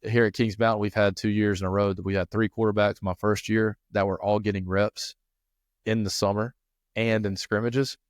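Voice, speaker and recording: A man's voice: on the low side, flat delivery, normal speed, no echo, clean studio sound. A man, co-hosting a football coaching podcast in a casual chat, rambling through stories with plenty of restarts and fillers.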